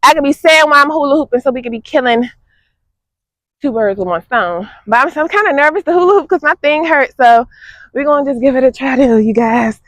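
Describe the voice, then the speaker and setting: A woman's voice: high-pitched, a little fast, no echo. Chatty young woman vlogging outdoors. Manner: chatty and animated, laughing often. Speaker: fitness vlogger. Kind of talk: casual vlog chat to viewers.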